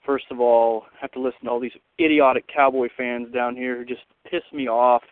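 Frustrated Texan caller on a phone line. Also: male voice, mid-range voice, level tone, a little fast, dry recording. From Texas, USA. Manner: frustrated, sighing, griping. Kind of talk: voicemail rant.

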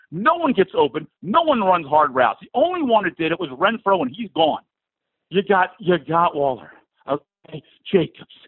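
A man's voice: high-pitched, husky, no room sound. A man in his forties with a New Jersey accent, calling in to rant about his team, fired up and exasperated, and fighting a cold. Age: 40s. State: has a cold. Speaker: caller. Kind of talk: emotional sports call-in rant. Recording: tinny phone line.

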